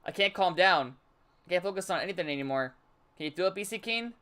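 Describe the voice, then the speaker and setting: A man gives voice to a timid, bookish young woman from a visual novel, who grows flustered and obsessive. The reading is halting, with stammered repeats. The tone is bright and pushed forward. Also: high-pitched, animated, clean tone. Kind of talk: reading game dialogue aloud.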